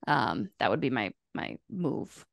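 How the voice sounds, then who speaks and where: A woman's voice: a bass voice, very animated, measured pace, gravelly, no echo, clean studio sound. A woman, co-hosting a casual hockey podcast and talking things through with lots of fillers. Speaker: podcast co-host.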